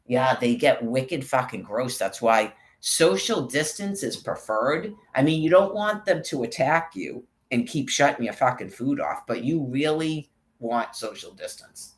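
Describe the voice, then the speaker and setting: An angry man rants on and on. His delivery is rambling and heavy with swearing, at a middle pitch. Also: expressive, a little slow, hardly any pauses. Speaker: vlogger. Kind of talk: profane ranting monologue.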